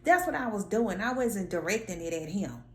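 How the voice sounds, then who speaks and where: A woman vlogger telling a story in a sassy, animated, slangy way, acting out her own lines. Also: mid-range voice, normal speed, echoey room. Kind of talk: casual storytelling rant.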